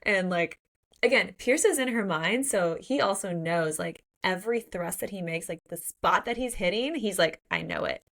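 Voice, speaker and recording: A woman co-hosting a book podcast in casual chat, gushing and excitable and swearing freely as she retells scenes. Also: medium pitch, normal speed. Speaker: podcast co-host.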